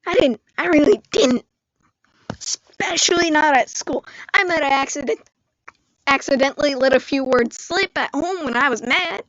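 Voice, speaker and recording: A woman vlogger telling a story on a live stream in an animated way, acting out the lines people said. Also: sits high, normal speed, no echo, muffled recording. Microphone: screen-recorded live stream mic.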